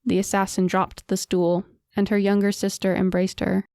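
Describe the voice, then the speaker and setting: A woman narrating a fantasy audiobook in a measured, dramatic storytelling manner. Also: mid-range voice, little pitch movement, gravelly, dark tone, no room sound, studio quality.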